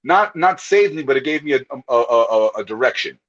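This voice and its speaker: A man's voice: mid-range voice, animated, brisk, fairly bright tone. A young man, a comedian, chatting casually as a podcast guest, rambling and swearing, with many restarts. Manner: rambling, profane, frequent restarts and laughs. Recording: slightly muffled lo-fi audio.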